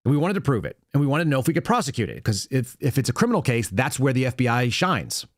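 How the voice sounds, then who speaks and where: A man hosting a political commentary show, talking casually, with plenty of restarts and stories told through quoted back-and-forth. His voice sits at an average pitch, recorded close and dry on a studio mic. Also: big pitch swings, fast talker, no echo. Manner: conversational storytelling with quoted dialogue and restarts. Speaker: podcast host.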